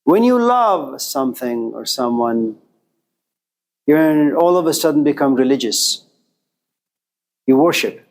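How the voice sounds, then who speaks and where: A man giving a lecture and telling a story with lively, acted-out voices. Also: medium pitch, slow pace, long pauses, low-quality recording. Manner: animated storyteller, acting out voices.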